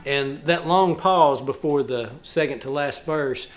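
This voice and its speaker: A man's voice: a little high, measured pace, music in the background. A male musician and channel host talking casually about a song, thoughtful and explaining step by step with small restarts.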